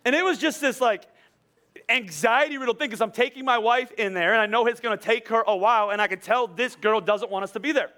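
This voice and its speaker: High-voiced man preaching a chatty sermon. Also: brisk, pushed and bright. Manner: chatty, joking, with frequent laughs and repeated words. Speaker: pastor. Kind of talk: casual conversational sermon.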